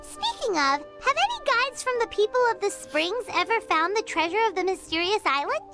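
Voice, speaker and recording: A woman voicing a tiny, excitable fairy companion in a game, with a squeaky, piping, chattering voice. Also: moderate pace, heavily acted. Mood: curious. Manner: exclamatory, chattering. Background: game music.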